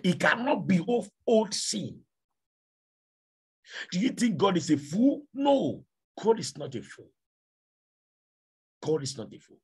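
A male preacher delivering a sermon, repeating rhetorical questions with a raspy voice. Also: high-pitched, sing-song, slow, pauses often.

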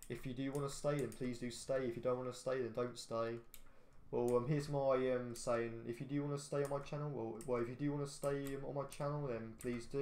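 A man's voice: mid-range voice, a little mellow. A teenage boy rambling through casual gameplay commentary, repeating himself and grumbling at other drivers. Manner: rambling, repeats himself, quick outbursts at traffic. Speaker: gaming channel host. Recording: roomy echo, faint background noise.

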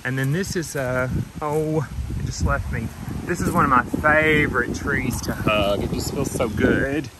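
A man giving a gentle, affectionate walking tour of his farm outdoors, filmed on a handheld camera. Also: mid-range voice, measured pace, very noisy. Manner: gentle, affectionate, talks to trees and animals. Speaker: vlogger touring his farm. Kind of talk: casual walking tour vlog.

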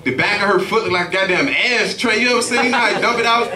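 A man's voice: high-pitched, quick pace, crowd noise. A man doing a stand-up comedy set at an open mic, telling loose, profane stories. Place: comedy club stage. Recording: echoey club heard from far off.

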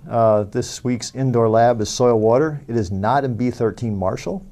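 A man's voice: on the low side, warm tone. A middle-aged man, a university professor, delivering a recorded class lecture from a campus studio with plain, businesslike announcements and dry jokes.

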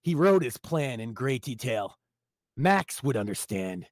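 A man's voice: mid-range voice, big pitch swings, a little slow, no room sound. A man reading his own short story aloud live on a stream, in a dramatic, wry storytelling manner.

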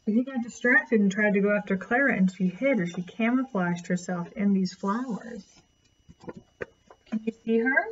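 A woman reading a picture book aloud to a child, gently pointing out and explaining the pictures. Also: medium pitch, normal speed, husky, recorded from a distance, lo-fi sound. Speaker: storyteller.

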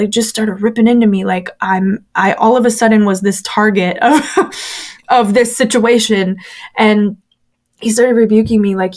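A woman's voice: mid-range voice, fairly even intonation, normal speed, a little mellow. A woman being interviewed, telling a personal story candidly with lots of fillers, acting out the voices of people she quotes. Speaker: interview guest, former church member.

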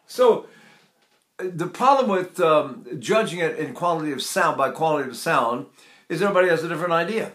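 A man's voice: on the high side, animated, a little fast, fairly bright tone. An older man teaching singing technique, talking in a rambling way and breaking into sung vowels to demonstrate. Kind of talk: vocal lesson with sung demonstrations. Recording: echoey room.

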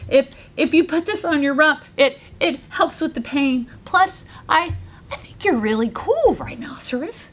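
A woman's voice: high-pitched, animated, unhurried, fairly bright tone, slight background noise, pitched above the performer's own voice. A woman voicing a shy, kind little male beetle who stutters nervously.

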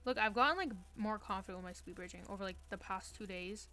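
A woman's voice: mid-range voice, quick pace, bright, forceful tone, faint music behind. A young woman streaming a game from her room, chatting casually with playful, self-mocking trash talk. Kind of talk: casual live-stream chat while gaming.

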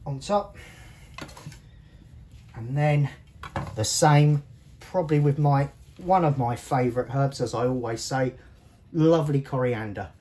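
A man's voice: medium pitch, darkish tone, a little hiss or hum. A man hosting a cooking show, chatting casually as he walks viewers through each step of a recipe in a kitchen. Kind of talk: cooking demonstration.

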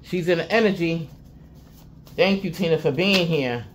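A woman's voice: lowish voice, moderate pace, slight background noise. A woman giving a casual spiritual reading to her viewers, talking emphatically with plenty of swearing, repeating herself and chuckling often. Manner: profane, emphatic, repeats "I'm telling you". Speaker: intuitive reader.

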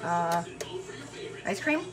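A woman's voice: on the low side, animated, very slow. Tired, rambling woman vlogger over music. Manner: chatty, profane, meandering, often laughing. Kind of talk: rambling casual monologue. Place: her bedroom at home. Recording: music loud in the background. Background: music playing.

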